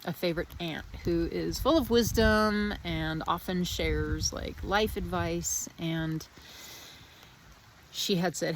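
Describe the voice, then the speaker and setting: A woman's voice: on the low side, steady tone, a little slow, a little hiss or hum. A woman vlogging outdoors in the rain, musing in a meandering, reflective way with many restarts. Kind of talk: casual spiritual reflection.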